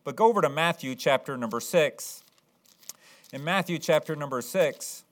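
A man preaches to his congregation in a church with a mid-pitched voice. He talks in a folksy way, repeating phrases, and builds to emphatic, forceful points. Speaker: pastor. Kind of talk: sermon. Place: church sanctuary.

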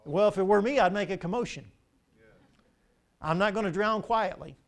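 An older pastor preaches in a high, ringing voice. He tells stories with animation and keeps asking the congregation rhetorical questions. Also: moderate pace. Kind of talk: sermon.

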